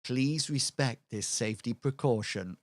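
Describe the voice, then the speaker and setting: A man voicing a calm automated starport announcement in a polite, formal tone. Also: medium pitch, a little slow, dry recording, lightly acted.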